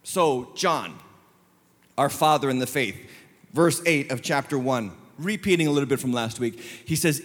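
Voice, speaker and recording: A man's voice: mid-range voice, moderate pace, fairly bright tone. A man preaching a sermon as lead pastor, leading the congregation in call-and-response and shifting his pace for emphasis. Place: church sanctuary. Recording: long church hall reverb.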